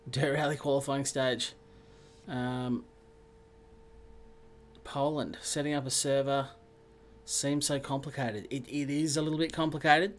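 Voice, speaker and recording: A man's voice: mid-range voice, fairly even intonation, a little slow, a little hiss or hum. A man hosting a live sim racing stream, chatting casually and greeting viewers by name.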